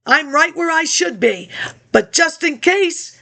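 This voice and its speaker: A woman's voice: sits high, expressive, takes it slowly, creaky, bright, forceful tone. A woman talking in a rambling monologue into a laptop webcam, jumping between topics and reading old documents aloud.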